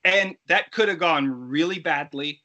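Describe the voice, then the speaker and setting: A middle-aged man telling stories as an interview guest, animated and acting out quoted voices. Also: mid-range voice, normal speed. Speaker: interview guest, creature suit performer. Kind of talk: casual storytelling interview.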